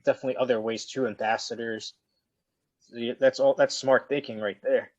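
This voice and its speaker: A man's voice: medium pitch, fairly even intonation, a little fast, lo-fi sound. A man interviewing a guest, mostly giving brief affirming remarks. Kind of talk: casual interview.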